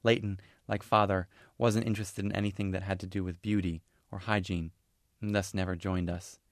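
Low-voiced man reading fiction aloud. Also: level tone, no room sound, studio quality. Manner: measured, unhurried storytelling with pauses. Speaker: author reading his novel. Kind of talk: audiobook-style reading of literary fiction.

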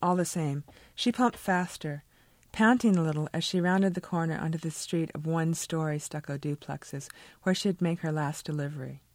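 A woman, the author, reading a passage from her own novel in a measured, expressive way. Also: low voice, no echo.

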